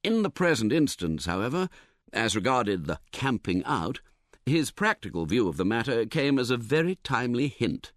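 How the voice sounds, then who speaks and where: A man narrating a comic novel as an audiobook, in a wry, expressive, theatrical manner. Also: medium pitch, moderate pace, no echo, clean studio sound.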